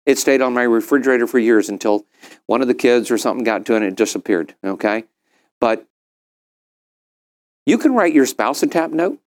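A man's voice: mid-range voice, fairly quick, pauses often. A middle-aged man speaking to a business group, telling stories and acting out other people's lines in a raised voice. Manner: animated, acts out quotes in a raised voice. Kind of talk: storytelling talk to a group.

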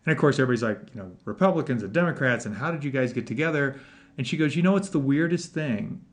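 A man hosting a podcast interview, talking in a relaxed, animated way and laughing often. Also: medium pitch, quick pace. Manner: animated, laughs often, puts on voices in quotes. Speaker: podcast host. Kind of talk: casual interview chat.

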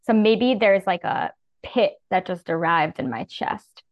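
A woman with a medium-pitched voice guides listeners through a breathing practice at a measured pace, sounding soothing and earnest while often saying "like." The audio is lo-fi with no echo.

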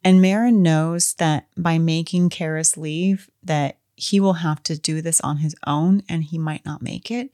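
A woman with a low voice talks in a casual, gushing way, openly emotional as she discusses a film she loves. Her voice is recorded dry and close, with little room sound. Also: steady tone, measured pace, few pauses, warm tone, dry recording. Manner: enthusiastic, gushing, openly emotional fan talk. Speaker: podcast co-host.

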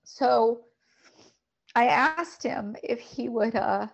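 A middle-aged woman telling a painful personal story in a podcast conversation, emotional and halting, often repeating words. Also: on the high side, creaky, husky, lo-fi sound. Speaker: podcast guest.

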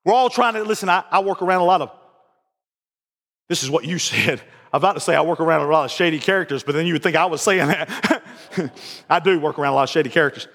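A man's voice: a little high, fast talker, a bit bright. A man preaching a sermon in a church, folksy and emphatic, repeating his phrases. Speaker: pastor. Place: church sanctuary. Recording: long reverb of a large hall.

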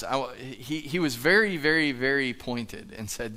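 A man's voice: mid-range voice, normal speed, hardly any pauses, sharp tone. A man preaching a sermon in a church, telling a story in a conversational, earnest way and acting out the dialogue. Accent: Midwestern American. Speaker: pastor. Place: church sanctuary. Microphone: live stage mic.

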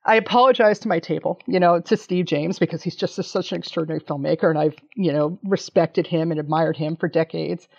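Animated woman in her fifties, laughing storyteller. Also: fairly low pitch, a little fast, gravelly, hardly any pauses. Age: 50s. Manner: animated, laughs often, swears casually. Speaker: interview guest, documentary maker. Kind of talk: casual storytelling. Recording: dull lo-fi audio.

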